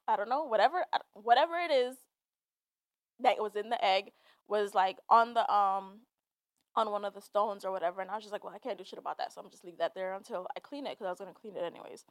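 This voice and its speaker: A fast-talking young woman with a medium-pitched voice hosts a podcast alone, recorded without echo. Her casual monologue is a personal story told candidly and profanely, and she's teary, laughing through the tears.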